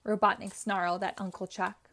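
A woman's voice: mid-range voice, moderate pace. Woman reading a children's book aloud. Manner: clear, steady storytelling. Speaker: storybook reader. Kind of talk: children's read-aloud narration.

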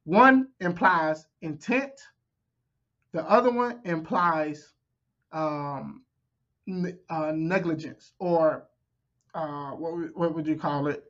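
A man's voice: a little high, takes it slowly, fairly bright tone, lo-fi sound. A man reacting to a debate clip with casual, conversational commentary, often repeating himself for emphasis.

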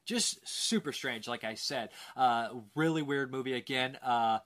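A man's voice: medium pitch, measured pace, fairly bright tone. A man casually reviewing films in a rambling monologue, full of "uh"s. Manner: rambling, many fillers. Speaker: film review host.

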